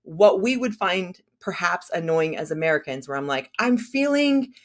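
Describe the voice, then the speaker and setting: A woman's voice: low voice, moderate pace. A woman whose first language is Spanish, chatting as a guest on a podcast in a self-deprecating, filler-heavy way. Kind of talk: casual podcast conversation.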